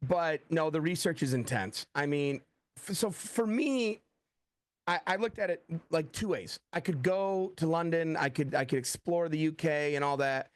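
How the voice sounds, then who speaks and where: This middle-aged thriller author from the USA tells stories animatedly in a casual interview, acting out dialogue and often saying "like." He speaks at normal speed in a voice on the high side.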